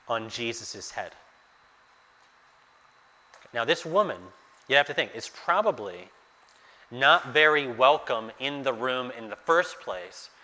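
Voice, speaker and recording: A man's voice: medium pitch, bright, forceful tone. Guy preaching, chatty, keeps asking the crowd questions, long echoey hall sound. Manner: conversational, asks the listeners rhetorical questions. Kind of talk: sermon teaching through a Bible passage.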